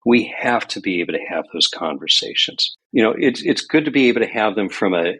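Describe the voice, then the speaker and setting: A man's voice: fairly low pitch, animated, brisk, fairly bright tone, breathy edge, poor audio. An older man from California, a guest on a podcast, telling stories in an earnest, reflective way. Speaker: guest, past grand master of a Masonic lodge. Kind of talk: podcast interview.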